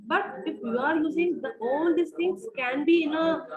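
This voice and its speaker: A woman with an Indian English accent gives an online university lecture in a high voice, filling her sentences with "uh", repeating phrases and quizzing her students. The sound is a bit dull and lo-fi, as from a video call. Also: moderate pace, a crowd in the background. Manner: repeats phrases, many fillers, asks the class questions.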